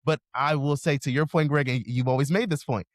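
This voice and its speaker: A man hosting a podcast, talking politics in a measured, conversational way and weighing both sides. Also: fairly high pitch, no room sound, clean studio sound. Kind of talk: casual political discussion.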